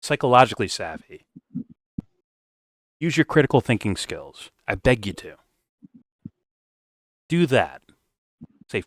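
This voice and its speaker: A man's voice: medium pitch, big pitch swings, a little slow, pauses often, no echo. A man giving a casual review, talking bluntly and swearing freely. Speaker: film reviewer. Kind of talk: casual commentary rant.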